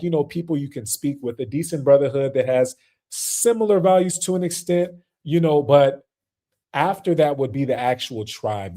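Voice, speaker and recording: A man's voice: mid-range voice, dark tone. A man hosting a casual reaction stream, talking loosely with lots of slang and fillers and laughing often.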